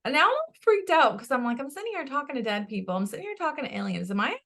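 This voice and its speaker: Woman, psychic medium, gravelly voice, excitable and giggly in casual chat. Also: high voice, quick pace. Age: adult with a child. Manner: excitable, laughs often, relays a spirit's words.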